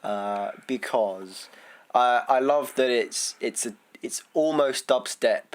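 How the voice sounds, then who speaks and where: A British man co-hosting a podcast in relaxed, joking chat. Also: mid-range voice, takes it slowly. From Britain. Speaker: podcast co-host. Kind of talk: casual chat.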